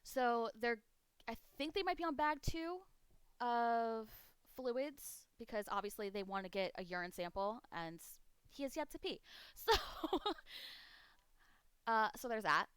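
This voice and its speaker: A young adult woman streamer giving a casual update to her chat, emotional and trying not to cry, rambling with many ums and pauses. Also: a little high, animated, a bit bright, clear, resonant tone, dry recording.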